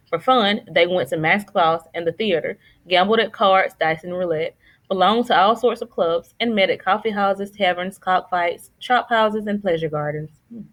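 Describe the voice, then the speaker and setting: A woman teacher reads a book aloud to her students, patient and encouraging. Her voice sits a little low for a woman. She stops now and then to fix a word and goes on. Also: poor audio. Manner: patient, encouraging, with frequent restarts.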